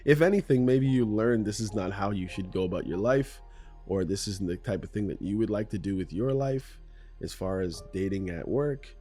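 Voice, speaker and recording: A man hosts a solo podcast in his morning voice, rambling and conversational, now and then poking fun at himself. His voice sits on the low side with a dark, mellow tone. Faint music plays underneath. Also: normal speed, breathy edge. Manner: rambling, conversational, self-deprecating. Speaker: podcast host.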